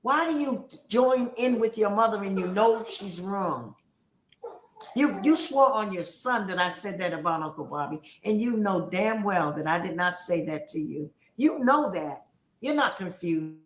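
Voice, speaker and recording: A woman's voice: mid-range voice, animated, unhurried. Heated middle-aged woman ranting, roomy echo. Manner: emotional, accusatory, repeats herself. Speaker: livestreamer. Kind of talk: heated livestream rant.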